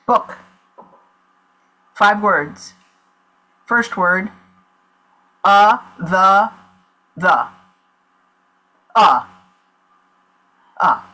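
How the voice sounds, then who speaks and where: A woman playing charades on a video call, calling out clues in a slow, halting way. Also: mid-range voice, pushed and bright, low-quality recording. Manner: slow, halting clue-giving with pauses. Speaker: guest player.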